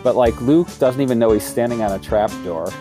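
A man's voice: medium pitch, brisk, over music. A man as a podcast guest, talking casually and hesitantly with many fillers. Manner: hesitant, lots of "like" and "you know".

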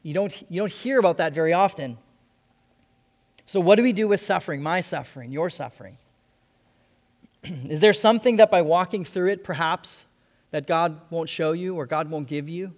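A man preaching a sermon as pastor, earnest, repeating key phrases and slowing down to stress them. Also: a little high. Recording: long hall reverb.

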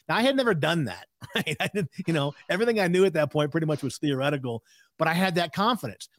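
A man's voice: fairly high pitch, animated, fast talker, dry recording, clean studio sound. A man in his sixties, a podcast guest telling a candid story in an emphatic way with frequent asides.

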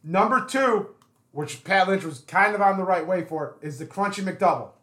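A man's voice: sits high, animated, moderate pace, fairly bright tone, roomy sound. A man chatting casually on a podcast, running through items from a list.

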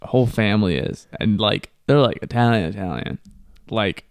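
A man's voice: lowish voice, lively intonation, moderate pace, vocal fry, clear, resonant tone, dry recording. A young man from Ohio telling rambling, profane stories in a casual podcast chat. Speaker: podcast co-host.

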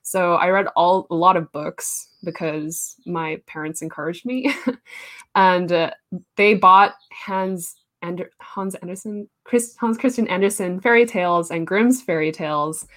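Chatty young woman, low voice. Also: a little slow, a bit bright. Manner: chatty, laughs often, many "like" fillers. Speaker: artist being interviewed. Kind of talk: casual interview.

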